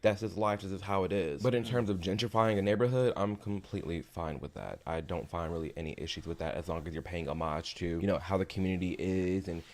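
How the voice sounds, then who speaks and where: Deep-voiced opinionated male streamer. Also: quick pace, few pauses, a little mellow. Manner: opinionated, emphatic, conversational. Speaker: streamer reacting to videos. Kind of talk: casual live-stream commentary.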